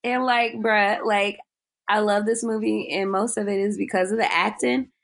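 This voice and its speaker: A woman's voice: medium pitch, fairly even intonation, moderate pace, vocal fry. A young woman co-hosting a casual chat, recapping a film with lots of fillers and giggles. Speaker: podcast co-host.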